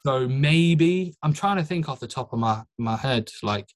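A young man hosts a relaxed podcast and rambles along with self-mocking jokes. His voice sits at a middling pitch, and he fills his talk with ums and likes. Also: a little slow. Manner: joking, rambling, many fillers. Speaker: podcast host and physique coach. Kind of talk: casual podcast chat.

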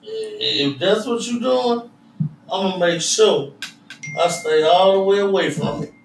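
A man's voice: high-pitched, lively intonation, a little slow, creaky, distant mic. A man co-hosting a podcast in casual chat, blunt and dismissive. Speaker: podcast co-host. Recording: echoey room, off-mic, noticeable hiss.

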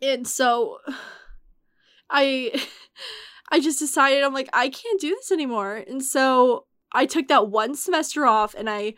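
A woman's voice: high voice, slow pace, fairly bright tone, smooth, no echo. A young woman in her twenties chatting casually as a guest, using many fillers and close to tears as she talks. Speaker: guest telling her story. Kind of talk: casual podcast chat.

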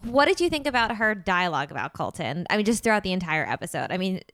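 Smooth-voiced young woman chatting. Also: medium pitch, sing-song, fast talker, fairly bright tone, no room sound. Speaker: podcast co-host. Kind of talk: casual chat about a reality show.

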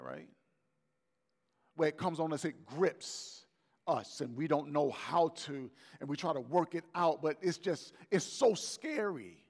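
Male pastor, gravelly and slightly high, conversational sermon that slips into acted-out voices. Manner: conversational preaching, acts out voices of biblical figures.

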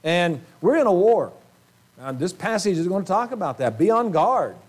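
Male pastor, slightly high voice, earnest sermon delivery with frequent throat-clearing. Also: very animated, normal speed. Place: church sanctuary.

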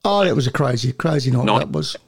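A man's voice: medium pitch, lively intonation, quick pace, gravelly, slightly rough. A man co-hosting a football talk show, mostly chiming in with short agreeing remarks. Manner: brief agreeing interjections and laughs. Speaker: co-host. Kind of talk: casual chat show co-hosting.

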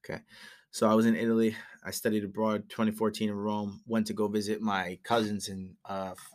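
A man's voice: fairly low pitch, fairly quick. Young man telling stories, swearing freely. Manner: animated storyteller, swears a lot, shouts in impressions. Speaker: podcast co-host. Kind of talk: casual chat.

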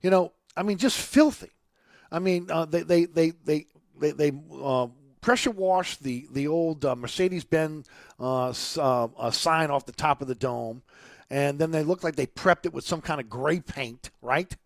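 A man's voice: on the high side, normal speed, dry recording, clean studio sound. A middle-aged man, hosting a talk radio show and ranting indignantly, with many stumbles and restarts. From New Orleans.

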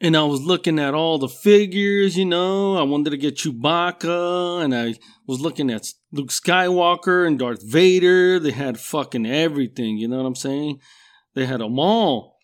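A middle-aged man from a Mexican-American background telling casual, profane stories in a rambling way, laughing at himself. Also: fairly high pitch. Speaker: storyteller.

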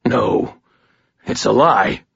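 A man voicing a grim older male warden in an audiobook, speaking in a low, subdued mumble. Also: extremely slow, creaky, fairly bright tone, breathy edge, no room sound, muffled recording, exaggerated voice. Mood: disbelieving. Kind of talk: audiobook character voice.

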